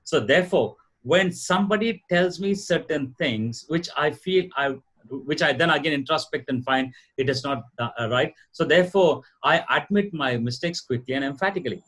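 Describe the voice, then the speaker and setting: Casting: middle-aged Indian man, husky and fairly high voice, earnest trainer who repeats his points. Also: normal speed, a bit bright. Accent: Indian English. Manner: earnest, repetitive, emphatic explaining. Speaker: guest speaker, corporate trainer. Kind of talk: lecture-style talk show answer. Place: live event before an audience.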